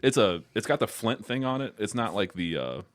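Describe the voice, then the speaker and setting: A man's voice: on the low side, animated, fairly quick, no room sound, studio quality. A young man chatting as a podcast guest, telling rambling stories with plenty of swearing and laughter. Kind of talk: casual chat.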